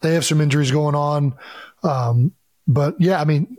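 A man's voice: fairly high pitch, normal speed, a little mellow, dry recording, studio quality. A man in his thirties co-hosting a podcast, talking football animatedly with emphatic rhetorical questions. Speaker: podcast co-host, football player. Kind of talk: casual sports chat.

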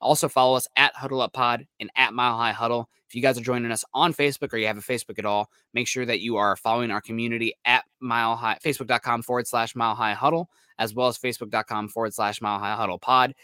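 A man's voice: medium pitch, fairly even intonation, fast talker, few pauses, bright, forceful tone, clear, resonant tone, no echo, studio quality. A man co-hosting a casual sports podcast, talking in a rambling, upbeat way with plenty of fillers. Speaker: podcast co-host.

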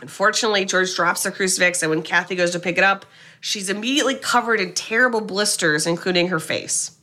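Woman podcast host, bright voice, sarcastic animated movie recap, swears a bit. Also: lowish voice, quick pace. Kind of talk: casual movie recap chat.

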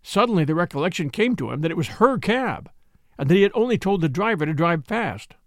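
A male narrator reads a classic novel with vivid, expressive storytelling. His voice sits high and swings widely in pitch. The sound is dry and close. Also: a little fast, no echo. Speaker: audiobook narrator.

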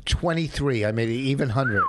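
A man's voice: mid-range voice, moderate pace, background noise. A man comedian telling meandering stories on a podcast, rambling and restarting. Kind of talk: casual podcast storytelling.

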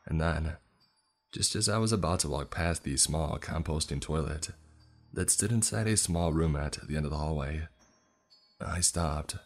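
A man reading a scripted horror story in a tense, measured way. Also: rumbling low. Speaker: narrator. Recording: faint music underneath.

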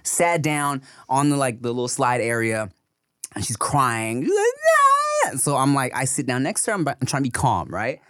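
A man's voice: mid-range voice, moderate pace, a bit bright, no room sound, clean studio sound. A man in his thirties, a podcast co-host, telling a story in casual, profane chat and laughing often. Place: podcast studio.

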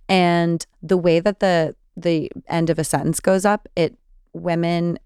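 A woman in her thirties with a Californian accent and vocal fry, chatting casually as a podcast host answering listener questions. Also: deep voice, a little mellow, no room sound, studio quality. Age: 30s. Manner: chatty, many fillers and restarts. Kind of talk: casual solo Q&A.

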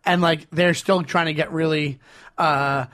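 A young man with a notably high voice co-hosts a casual podcast. He talks fast and loose, full of fillers, and breaks into laughter often. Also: fairly even intonation, a bit bright. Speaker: podcast co-host. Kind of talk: casual chat.

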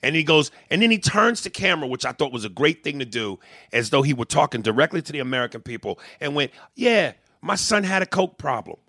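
Gravelly man in a heated political chat. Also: mid-range voice, quick pace, no echo, studio quality. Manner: heated, profane, animated storytelling. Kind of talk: casual political debate.

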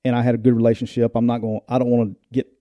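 Speaking very fast in a medium-pitched voice, a middle-aged ex-football coach spins stories as co-host of a laid-back chat show. He laughs mid-story and animatedly imitates whoever he's quoting. The recording is dry.

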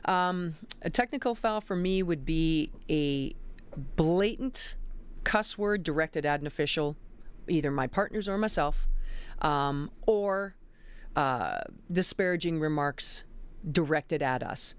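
A middle-aged woman, a college basketball referee, telling lively stories in an interview. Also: deep voice, slow pace, clean tone. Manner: animated, emphatic storyteller. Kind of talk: interview storytelling.

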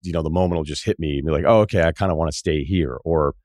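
A deep-voiced man hosts a podcast and tells a rambling travel story in a casual, animated way. He acts out the people he met, jumping up and down in pitch for their lines. His voice sounds dry and close, with no room around it. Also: very fast, no echo. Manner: animated, acts out quoted dialogue in shifting voices. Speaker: podcast host.

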